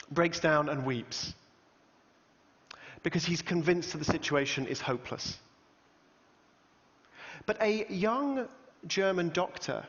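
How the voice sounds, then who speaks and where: A man telling a story to an audience in a lively way, with dry humor and the odd filler. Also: fairly high pitch. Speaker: public speaker. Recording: dull sound with long hall reverb.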